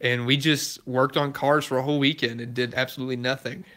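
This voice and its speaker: A young man from Alabama hosts his own car channel and chats casually with viewers. His voice is bright and forward, with an easygoing manner, and he laughs often. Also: mid-range voice, little pitch movement, a little fast. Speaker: YouTube car channel host. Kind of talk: casual chat answering live viewer comments.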